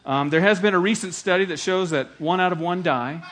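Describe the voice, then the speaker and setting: Earnest pastor preaching with rising fervor. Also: male voice, sits high, brisk, fairly bright tone, a little hiss or hum. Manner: earnest, rising to emphatic appeals, storytelling asides. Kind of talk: evangelistic sermon.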